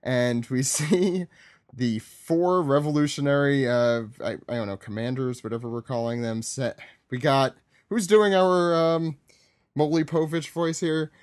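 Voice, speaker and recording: A man's voice: mid-range voice, measured pace, no echo, studio quality. A man from Long Island hosting a podcast, talking casually and rambling with lots of fillers and self-corrections. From Long Island, United States. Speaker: podcast host. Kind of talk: casual chat recapping a comic chapter.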